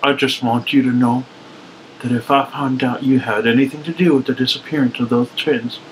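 A man voicing a gruff older bearded woman, a mother, making low, menacing threats in a comedy sketch. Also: fairly even intonation, normal speed, slight background noise, lightly acted, poor audio. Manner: low menacing threats, fumbling through the read.

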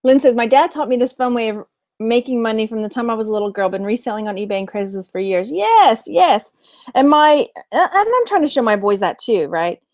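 Expressive and fairly quick, her voice sits on the high side with a slightly mellow quality, recorded cleanly in a studio without echo. She's a thirtysomething Texan vlog host and reseller, casually chatting on a live stream, giggling and reading viewer comments aloud.

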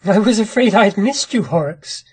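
A woman voicing an anxious young man in a classic story, speaking quietly and uneasily. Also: medium pitch, lively intonation, normal speed, husky. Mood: uneasy. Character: brooding bitter young man, anxious lover.

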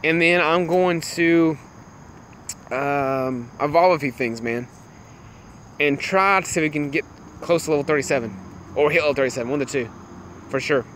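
A young man chats to his stream viewers in an excitable, easily amused way, often breaking into laughter. His voice is bright and a little high. Faint night ambience with crickets and passing traffic sits behind him. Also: normal speed, long pauses. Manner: excitable, laughs a lot, greets chat viewers. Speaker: livestream gamer. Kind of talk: casual livestream chat.

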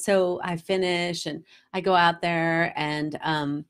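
A middle-aged woman hosting a vlog, chatty and animated, often laughing as she tells a story in a casual storytelling style. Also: lowish voice, takes it slowly, clean tone. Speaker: host.

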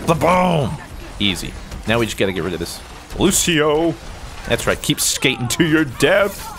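Playful young man with lively pitch. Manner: playful, jokey, excitable. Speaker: gaming YouTuber. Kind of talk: casual gameplay commentary.

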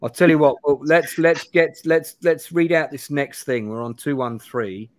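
A man's voice: a little high, fairly even intonation, normal speed. A man in his forties hosting a live play-through, reading a gamebook aloud with restarts and asides. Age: 40s.

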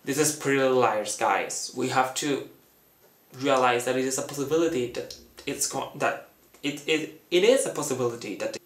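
A man talking through a fan theory in a chatty, dramatic way, acting out quotes in a high voice. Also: moderate pace, echoey room. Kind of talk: casual fan theory talk.

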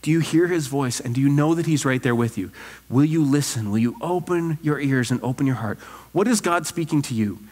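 A man, a pastor, preaching an earnest, animated sermon full of rhetorical questions. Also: medium pitch, brisk, long reverb tail. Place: church sanctuary.

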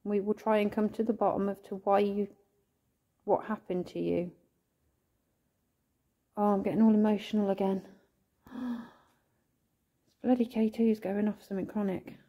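A woman ghost hunting in a church, softly pleading and coaxing as she calls out to a spirit, at times emotional. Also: medium pitch, little pitch movement, normal speed, pauses often, highs cut off. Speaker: ghost hunter vlogger. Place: inside a church.

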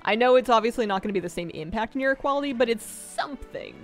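Giggly, lively-voiced woman streamer. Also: a little high, fast, faint music behind. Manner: chatty, giggly, rambling asides. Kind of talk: casual gaming stream chat.

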